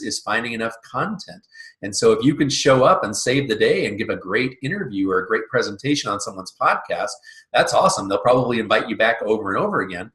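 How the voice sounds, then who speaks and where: A man's voice: lowish voice, bright, forceful tone. A man teaching an online business lesson in a casual, chatty way, full of fillers and restarts. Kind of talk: recorded lesson. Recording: roomy echo.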